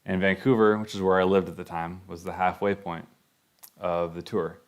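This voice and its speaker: Deep-voiced man telling a story on air. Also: flat delivery, moderate pace. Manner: rambling, conversational, many fillers. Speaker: radio show host. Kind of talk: casual storytelling monologue.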